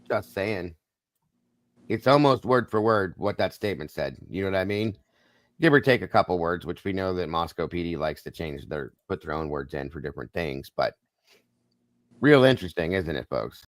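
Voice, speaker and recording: With an animated delivery at normal speed, the low-pitched host chats casually on a live stream, musing and speaking straight to his viewers. There's no room sound on the recording.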